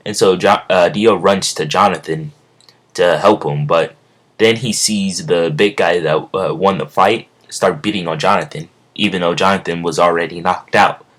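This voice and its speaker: A young man improvising a fan story, rambling with many fillers and self-corrections. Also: low-pitched. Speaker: amateur storyteller.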